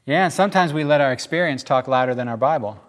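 A male pastor preaching in a loose, conversational way. He tells stories with energy, slipping into the voices of the people in them and stopping for quick asides to the congregation. His voice sits at an everyday middle pitch. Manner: lively storytelling, acts out the quotes he tells; casual, chatty preaching with asides. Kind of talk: sermon.

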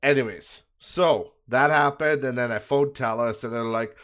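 A man's voice: mid-range voice, normal speed, few pauses, fairly bright tone. A man hosting a podcast, ranting in a casual, profane and exasperated way and laughing at his own bad luck. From Canada. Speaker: podcast host. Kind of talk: casual rant.

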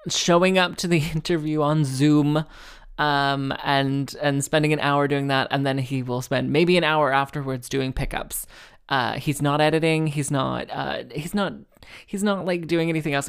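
Woman podcast host, low voice, sarcastic and rambling, casual chat. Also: clear, resonant tone. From Wales. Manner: sarcastic, rambling, with frequent restarts and laughs.

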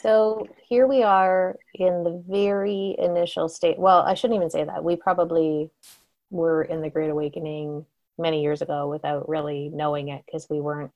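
Brief: woman host, slightly low voice, reflective, admiring. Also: fairly even intonation, moderate pace, dull audio. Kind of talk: casual interview chat.

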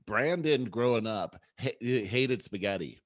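A middle-aged man chatting casually and spinning family stories, laughing often and acting out little voices. His pitch rises and falls freely as he talks. The sound is dry and close, with no room echo. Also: unhurried. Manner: animated storyteller, acts out voices, laughs often. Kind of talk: casual chat.

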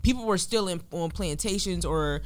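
A man's voice: high voice, moderate pace, smooth. Earnest South Jersey man explaining. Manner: earnest, explaining, uses slang. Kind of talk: casual chat.

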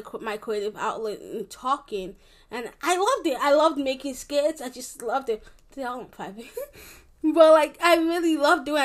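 A young woman telling a personal story to the camera in a casual, rambling way, with many restarts and fillers. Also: high voice. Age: young adult. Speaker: vlogger.

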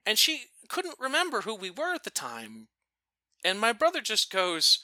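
A man telling a family story in a casual chat, animated and often breaking off to restart his sentences. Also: high voice, moderate pace, dry recording. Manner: animated, self-interrupting.

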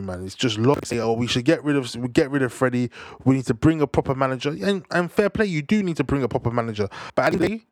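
A young man ranting casually about football, animated and slangy, tagging "bruv" onto his lines. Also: on the high side, dry recording, studio quality. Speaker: football fan commentator. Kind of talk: casual rant to camera.

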